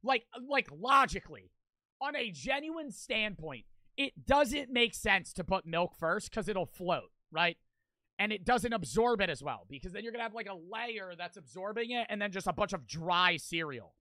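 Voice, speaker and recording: A man's voice: sits high, animated, normal speed, sharp tone, no echo. A young man streaming, reacting in loose, profane, rambling casual commentary.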